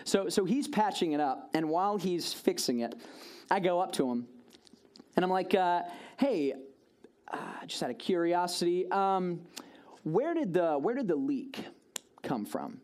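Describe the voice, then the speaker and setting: A man's voice: high-pitched, lively intonation, measured pace, a little mellow. A man giving a storytelling sermon to a congregation, casual and chatty, with lots of "like" and "right?" asides to his listeners.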